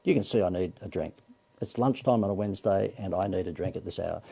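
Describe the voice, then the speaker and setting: An Australian man hosts a livestream sales pitch for a marketing course. His voice is very dark and gravelly, and he talks in a chatty, loose way, full of "uh"s, quick corrections and jokes at his own expense. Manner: chatty, joking asides, frequent "uh" and self-corrections. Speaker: marketing coach hosting a livestream. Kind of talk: Facebook Live sales pitch.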